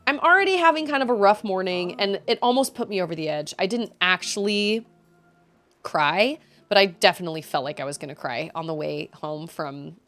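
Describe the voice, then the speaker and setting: Lively-pitched woman venting on a stream. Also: a little fast. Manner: venting, rambling with frequent restarts. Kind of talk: casual chat while gaming.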